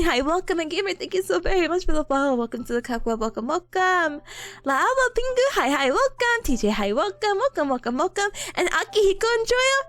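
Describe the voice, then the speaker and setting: Very high-pitched giggly woman streamer. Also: fairly bright tone. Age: young adult. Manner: bubbly, giggly, rambling. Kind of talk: casual livestream chat.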